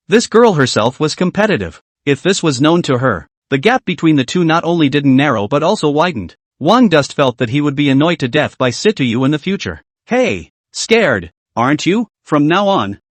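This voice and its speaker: Male narrator, scripted comic recap, slightly high voice, clipped stat-reading delivery. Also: no room sound. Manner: reads out stat lists in short clipped phrases.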